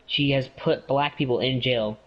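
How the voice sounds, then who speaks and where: A man chatting casually with a friend, mocking and slowing down for sarcastic emphasis. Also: mid-range voice, steady tone, a bit bright, lo-fi sound. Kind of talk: casual chat.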